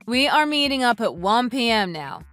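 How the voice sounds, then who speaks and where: Brief: woman reading as a catty, smug young woman for a texting story, pitched a bit high, swinging up and down, dismissive delivery. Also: sing-song, normal speed, fairly bright tone, soft background music. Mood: snide. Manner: mocking, dismissive.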